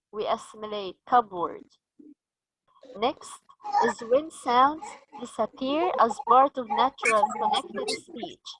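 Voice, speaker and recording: A woman trains teachers in English. She speaks slowly and patiently and keeps prompting the group with questions. Her voice sits a little high in a dry, close recording. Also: a bit bright, dry recording, poor audio. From Egypt.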